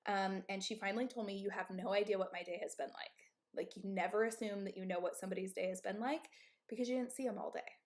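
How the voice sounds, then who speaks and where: A woman's voice: mid-range voice, fairly even intonation, fast talker. A woman in her thirties who owns and coaches at a gym, giving candid, emphatic advice on a live stream. She often checks in with "okay?" and "right?". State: out of breath.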